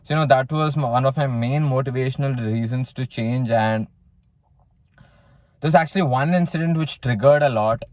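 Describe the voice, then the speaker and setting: A man's voice: mid-range voice, normal speed, a little mellow, dry recording. A young man from South India casually telling a personal story in a blunt way, full of swearing and "you know". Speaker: vlogger telling his story.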